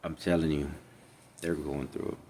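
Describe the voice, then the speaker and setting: Gravelly low-voiced man, rambling and sighing. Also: little pitch movement, normal speed, a little hiss or hum. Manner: meandering, trails off, sighs often; drifts between loud and hushed. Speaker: spiritual reader. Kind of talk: rambling casual tarot vlog.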